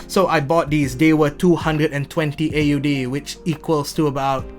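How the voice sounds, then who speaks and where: A man's voice: on the high side, level tone, normal speed, soft background music. A young man, telling heartfelt, rambling stories about his sneaker collection and often stumbling and restarting. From Malaysia. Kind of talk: heartfelt rambling storytelling to camera.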